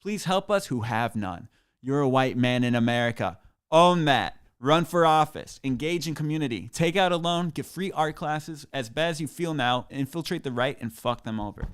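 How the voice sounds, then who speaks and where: A man's voice: on the high side, animated, moderate pace, clear, resonant tone, natural voice. A man voicing an earnest activist who pleads urgently and emphatically in a text message he reads aloud. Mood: urgent pleading.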